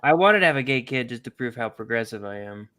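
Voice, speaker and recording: Bright-voiced man, wry and sarcastic. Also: mid-range voice, lively intonation, quick pace, clear, resonant tone. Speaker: podcast cohost. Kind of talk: casual chat.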